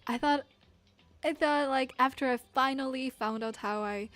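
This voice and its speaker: A woman hosts her own livestream, chatting into a desktop streaming microphone in a bubbly, playful, rambling way. Her voice is high and fairly bright, her pace measured, with no room sound.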